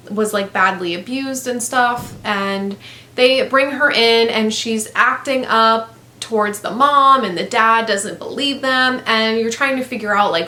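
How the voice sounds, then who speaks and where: A woman's voice: mid-range voice, bright, forceful tone, reverberant. A woman chatting casually about books she disliked, blunt and rambling, with lots of fillers and some swearing. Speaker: book vlogger. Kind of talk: casual book review chat.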